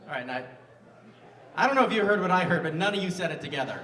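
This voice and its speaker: A man in his fifties doing stand-up in a live music venue, teasing himself and trading jabs with the audience. His voice sits a little high for a man. It comes through a stage mic and sounds roomy and distant, with a faint murmur of the hall behind it. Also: lively intonation, quick pace, pauses often, bright, forceful tone, slight background noise. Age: 50s. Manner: self-mocking, banters with the crowd. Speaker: stand-up comedian.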